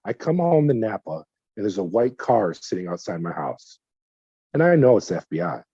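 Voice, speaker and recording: Middle-aged guy from california telling his story, dark husky voice, acts out what people said, kinda muffled dry audio. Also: fairly low pitch, moderate pace, dry recording. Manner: animated retelling with quoted dialogue, repeats words. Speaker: whistleblower guest. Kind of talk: conversational storytelling interview.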